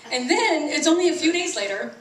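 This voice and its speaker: Animated middle-aged woman doing stand-up. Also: brisk, a little hiss or hum. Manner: animated, acts out quoted voices with big pitch jumps. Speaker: stand-up comedian. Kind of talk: stand-up comedy. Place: small tea house open mic. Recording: roomy sound, from far off the mic.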